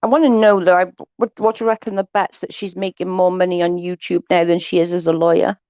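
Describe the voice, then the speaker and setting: A woman's voice: on the low side, flat delivery, fast, no echo, dull audio. A woman hosting a casual livestream, reading viewer chat and giving blunt, sarcastic, gossipy opinions.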